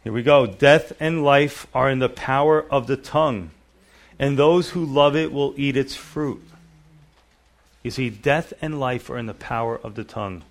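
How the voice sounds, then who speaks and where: A man's voice: mid-range voice, moderate pace. A middle-aged male pastor giving a sermon, reading scripture aloud and explaining it in a conversational manner.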